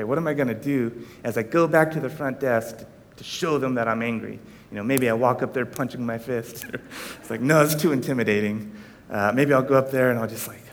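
A man preaching a sermon, telling a personal story with frequent self-deprecating chuckles. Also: fairly bright tone. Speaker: pastor. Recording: reverberant hall, faint rumble.

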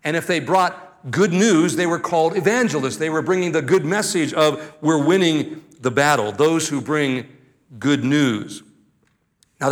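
An older man, a grandfather, preaching a sermon as pastor, reading scripture aloud and then teaching with slow, deliberate emphasis on key words. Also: fairly high pitch, fairly bright tone.

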